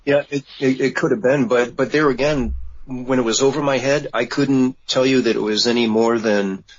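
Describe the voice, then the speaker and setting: A man telling of a sighting in a halting way with many restarts, as a guest on a remote interview. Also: mid-range voice, fairly even intonation. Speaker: guest witness. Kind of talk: casual radio interview. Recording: dull lo-fi remote line.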